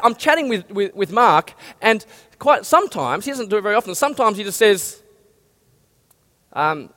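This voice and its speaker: A male pastor preaching a lively sermon and asking his listeners many questions. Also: sits high. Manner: animated, asks the audience many questions. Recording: long hall reverb.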